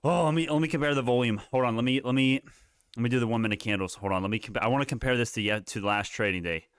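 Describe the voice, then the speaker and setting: A man giving live stock market commentary, excitable and hyped, laughing often and swearing casually. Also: mid-range voice, racing, clean tone, dry recording, studio quality.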